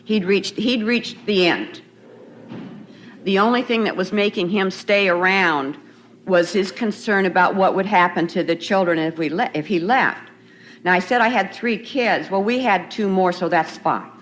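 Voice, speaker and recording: A woman's voice: mid-range voice, normal speed. A middle-aged woman sharing her recovery story at a retreat, telling it in a loose conversational way with frequent laughs. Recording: faint noisy 1990s tape recording.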